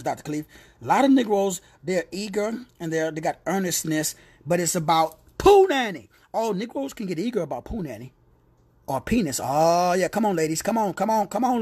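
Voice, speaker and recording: High, lively husky man preaching. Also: brisk. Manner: animated, repetitive, calls listeners by name; breaks into playful asides and teasing. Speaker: spiritual word-study teacher. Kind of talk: preacher-style lecture.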